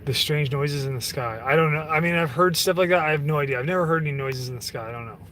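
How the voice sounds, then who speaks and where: A man's voice: fairly high pitch, quick pace, a bit bright, distant mic, slight background noise. A man talking to his chat on a livestream, rambling and profane, full of fillers and restarts. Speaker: livestream host reading chat. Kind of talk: casual livestream rant.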